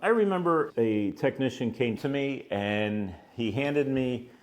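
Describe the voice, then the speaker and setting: An older man who owns a business, telling stories casually and acting out the dialogue. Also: measured pace. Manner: animated, acts out quoted dialogue with raised pitch, chuckles between lines. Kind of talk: casual storytelling monologue.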